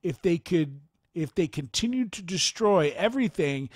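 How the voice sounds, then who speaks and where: A man narrating a near-death experience account in a formal, measured reading style. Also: a little high, expressive, dry recording, studio quality.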